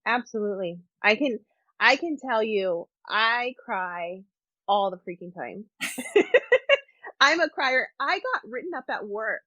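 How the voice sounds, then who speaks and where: A woman's voice: medium pitch, a little slow, no room sound. Candid woman host, dull dry audio. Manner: animated, candid, laughs easily. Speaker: podcast host. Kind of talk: podcast conversation.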